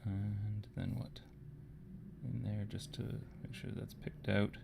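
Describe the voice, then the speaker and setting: Low gravelly man narrating a painting stream. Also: slow, background noise. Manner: relaxed, thinking aloud, drops to murmurs. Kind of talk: casual live painting tutorial.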